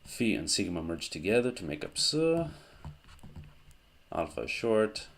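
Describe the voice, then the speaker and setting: A man teaching a grammar lesson, explaining step by step in a slow, methodical way and correcting himself as he writes. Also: fairly low pitch, big pitch swings. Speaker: language teacher.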